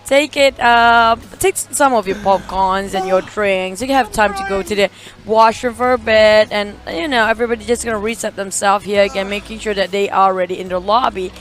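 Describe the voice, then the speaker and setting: Esports caster, mid pitch, chatty and informal, faint music in background. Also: steady tone, normal speed, fairly bright tone. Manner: chatty, laughs easily, informal. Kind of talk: casual esports commentary.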